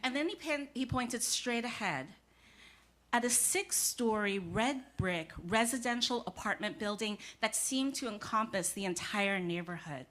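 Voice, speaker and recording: A middle-aged woman from the United States telling a personal story on stage in a reflective, measured way with dramatic pauses. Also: a little high, animated, a bit bright.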